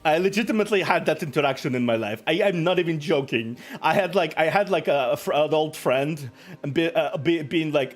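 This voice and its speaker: A man's voice: a little high, brisk. A young man, hosting a casual chat stream, laughing often and trailing off mid-sentence. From Russia. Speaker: streamer host.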